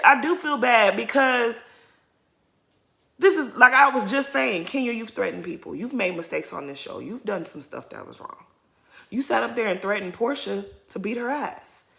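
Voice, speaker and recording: A woman giving opinionated, animated commentary as she recaps a reality TV episode for her viewers. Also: on the high side, creaky. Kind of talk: casual commentary vlog.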